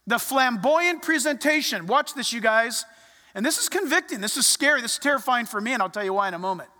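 A pastor preaching a sermon in a church, animated, acting out voices and dropping to quiet asides. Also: mid-range voice, fairly quick, big-room sound.

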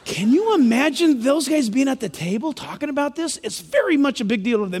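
A man preaches a sermon with an unusually high voice. He moves lively between teaching and acting out voices. His words ring out with a long echo through a church sanctuary. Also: a little fast, few pauses, husky. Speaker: pastor.

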